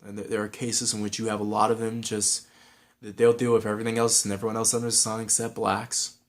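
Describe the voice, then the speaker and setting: A man's voice: lowish voice, level tone, fast. A man with a Southern California accent giving frank, rambling advice in a casual vlog, with many restarts and fillers.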